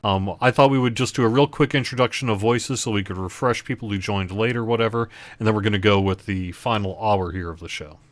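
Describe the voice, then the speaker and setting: Low-voiced man running a tabletop game. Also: fairly quick, few pauses, no echo. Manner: hesitant, many fillers. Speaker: game master. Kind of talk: narrating a tabletop game over voice chat.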